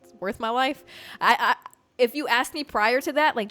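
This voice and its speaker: A woman from Georgia hosts her podcast, recounting a story in a loose, casual monologue. Her voice sits at a middle pitch, and she swears bluntly as she talks. Faint music plays underneath. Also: moderate pace. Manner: blunt, profane, animated storytelling. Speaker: podcast host.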